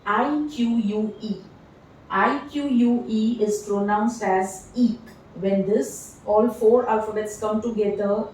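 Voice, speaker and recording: A woman's voice: mid-range voice, a little mellow. Woman, pronunciation teacher, spells letters, repeats words, roomy echo, faint hiss. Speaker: French language trainer. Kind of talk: slow pronunciation lesson. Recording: echoey room heard from a distance.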